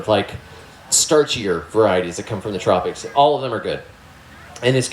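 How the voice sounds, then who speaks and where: A man's voice: lowish voice, roomy sound, a little hiss or hum. Joking man giving a gardening talk. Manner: loose, joking, conversational. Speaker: gardening presenter. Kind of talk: live talk to an audience. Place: room with a live audience.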